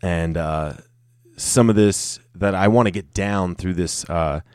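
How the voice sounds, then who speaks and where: A man in his thirties from Colorado talks through a solo podcast in a very low voice. He rambles, mocks himself and swears freely. The sound is close and dry, with no room echo. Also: slow, a little mellow, clear, resonant tone. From Colorado, United States. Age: 30s. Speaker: podcast host. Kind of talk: casual solo podcast monologue. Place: room with a camera and light set up.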